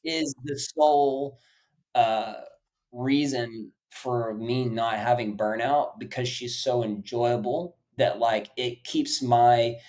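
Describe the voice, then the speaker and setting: Speaking slowly in a mid-range voice, this dog training podcast host spins loose, lively anecdotes, leaning on "like" and letting a curse slip now and then.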